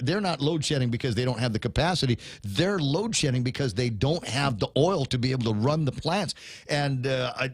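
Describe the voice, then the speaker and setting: Male radio talk host, mid-pitched, meandering and chatty, dry close studio sound. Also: no echo. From Guam. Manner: rambling, many fillers and restarts, chuckles. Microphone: studio mic.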